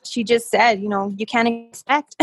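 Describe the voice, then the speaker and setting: Chatty woman with a husky voice. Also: fairly high pitch, measured pace, no room sound. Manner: animated, repeats words when excited, laughs often. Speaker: podcast guest. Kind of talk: casual conversational storytelling.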